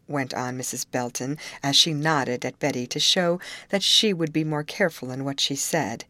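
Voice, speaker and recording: A woman narrates a novel in a calm, even storytelling voice that sits low for a woman. The recording is dry and close, with no room around it. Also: normal speed, few pauses, dry recording. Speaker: audiobook narrator. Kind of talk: scripted narration.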